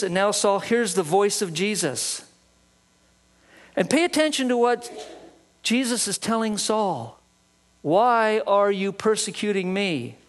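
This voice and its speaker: A man preaching a sermon, explaining scripture earnestly and reading passages aloud. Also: high-pitched. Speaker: pastor.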